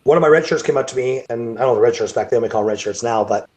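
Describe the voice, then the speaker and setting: A man's voice: mid-range voice, rapid-fire, darkish tone. Rambling man telling a story on a call. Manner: rambling, repeats words and restarts. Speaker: bodybuilding show promoter. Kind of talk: casual storytelling interview.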